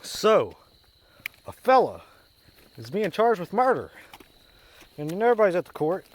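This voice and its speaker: A man telling pun jokes in a rambling, deadpan way while out on a walk, recorded on a phone outdoors. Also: sits high, moderate pace. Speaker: comedian. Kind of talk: casual joke-telling on a walk.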